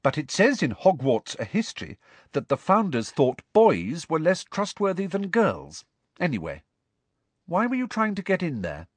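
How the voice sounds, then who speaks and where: A clever, bossy teenage schoolgirl, put on by a male storyteller in a raised, slightly husky voice. She speaks briskly and precisely, turning firm and grim when crossed, with lively swings in pitch. It is a storybook reading in a dry, close sound. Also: no echo, full character voice.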